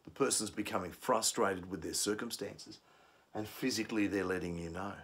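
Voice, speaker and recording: A man's voice: fairly low pitch, normal speed, a bit bright, breathy edge. A man giving a conflict management lesson, explaining steps and acting out angry commuters. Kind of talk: instructional talk.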